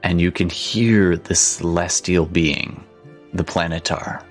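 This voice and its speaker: Low voiced guy gm-ing a tabletop game, slow and halting, lots of ums, faint music behind. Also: fairly even intonation. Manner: halting, with many ums and restarts. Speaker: game master.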